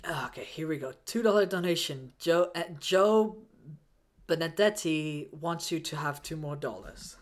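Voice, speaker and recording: A man's voice: a little high, moderate pace. A man on a casual livestream, overheated in a fursuit and a bit foggy, who rambles, stammers and restarts his sentences while reading donations.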